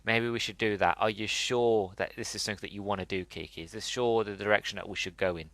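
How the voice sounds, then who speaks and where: A man's voice: on the low side, fairly even intonation, fast, fairly bright tone, no room sound. A man voicing a worried, whiny male talking cat who keeps questioning and complaining. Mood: fretful moaning.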